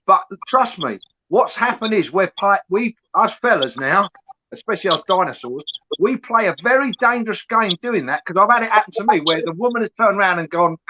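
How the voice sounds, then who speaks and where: A man's voice: high voice, lively intonation, fairly quick, bright, forceful tone. Sweary man ranting bluntly. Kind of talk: casual podcast chat. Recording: dull lo-fi with faint hiss.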